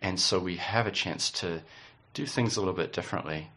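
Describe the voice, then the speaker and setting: A man talks through an idea in relaxed conversation. His voice sits very low but has a bright, forward edge, and he pauses and restarts as he searches for words. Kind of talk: casual conversation.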